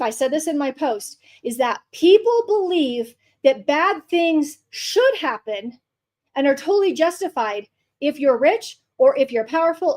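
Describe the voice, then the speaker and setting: High-voiced, blunt, profane woman host. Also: darkish tone. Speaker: podcast host. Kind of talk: fired-up monologue.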